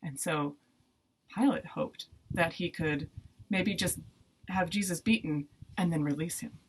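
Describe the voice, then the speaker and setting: A woman storyteller narrating a Bible story for children in a gentle, plain storytelling manner. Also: fairly low pitch, unhurried, slight background noise, low-quality recording. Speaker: Sunday school storyteller.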